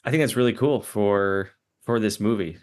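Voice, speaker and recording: Eager man with a lowish voice. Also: normal speed. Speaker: podcast co-host. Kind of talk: casual chat.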